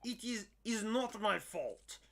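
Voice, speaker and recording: A man voicing a bold circus woman who speaks broken English, loud and emphatic. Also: sits high, expressive, slow pace, vocal fry, exaggerated voice. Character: bold Russian circus woman, doting snake owner.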